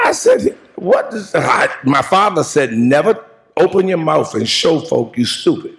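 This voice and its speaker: A man preaching a funeral eulogy in a call-and-response style, moving into shouts and half-sung lines. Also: fairly high pitch, wildly swooping pitch, a little slow, noisy background. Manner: preaching cadence, rising to shouts and sung phrases. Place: large church sanctuary.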